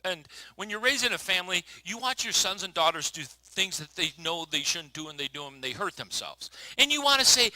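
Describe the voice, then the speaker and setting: Middle-aged man, pastor, slightly high voice, dry room; loose joking sermon, murmurs then shouts. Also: animated, a little fast, few pauses, no echo. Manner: casual, joking preacher who swings from low murmurs to loud outbursts.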